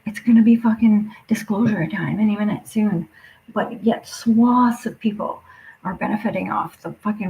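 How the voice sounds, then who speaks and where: A woman's voice: medium pitch, a little mellow, highs cut off. Woman, livestream rant, heavy swearing, drops into whispers, faint hiss behind. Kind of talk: angry profane rant.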